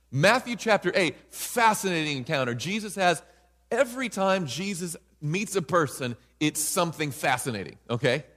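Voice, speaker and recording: A man's voice: a little high, a bit bright, in a large hall. A man preaching a Bible study sermon in an emphatic way, often checking in with listeners by asking "right?".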